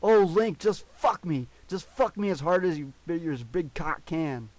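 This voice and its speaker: A man voicing a breathless female fairy lover with loud, exaggerated moaning. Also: fairly high pitch, expressive, a little slow, no echo, voice pushed up. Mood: mock ecstatic.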